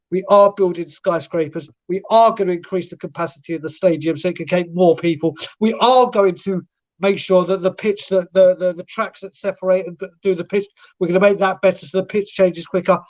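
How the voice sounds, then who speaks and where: A man's voice: sits high, steady tone, brisk, a little mellow, highs cut off. A man co-hosting a live football fan stream, ranting sarcastically and swearing.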